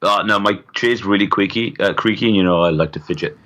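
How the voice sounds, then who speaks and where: A man's voice: deep voice, quick pace, fairly bright tone. A man co-hosting a podcast, laid-back and hesitant, with many fillers. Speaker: podcast co-host. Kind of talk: casual podcast chat.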